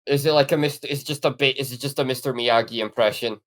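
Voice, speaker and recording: A man co-hosting a casual podcast, relaxed and chatty, asking the others questions. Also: medium pitch, quick pace. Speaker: podcast co-host.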